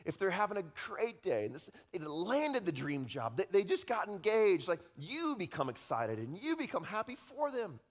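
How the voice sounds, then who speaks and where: Animated pastor preaching, slightly high voice. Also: male voice, normal speed, hardly any pauses. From Utah. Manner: conversational, animated, often tags lines with "right?". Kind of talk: sermon.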